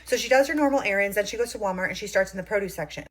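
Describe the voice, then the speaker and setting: A woman's voice: mid-range voice, racing. A woman hosting a storytime reaction, retelling a viewer's story in a chatty way. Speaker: host.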